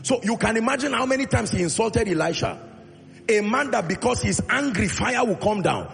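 A man's voice: high voice, expressive, a little fast, vocal fry, fairly bright tone, slight background noise. A male pastor preaching a sermon with emphatic delivery, acting out Bible dialogue in his own voice. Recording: long reverb in a large hall, faint music.

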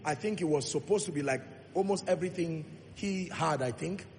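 A man preaching a sermon in a church, calling for congregation responses and swelling to loud, emphatic peaks, drawing out key words slowly. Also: on the high side, creaky, slight background noise. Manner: drawn-out, slow emphatic delivery on key points. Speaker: pastor. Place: large church hall. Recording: long hall reverb with faint music.

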